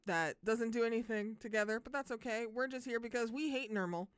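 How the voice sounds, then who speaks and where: A young adult woman streaming games live, chatting casually with viewers, bubbly and quick to swear and laugh. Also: on the high side, smooth, no room sound. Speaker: game streamer.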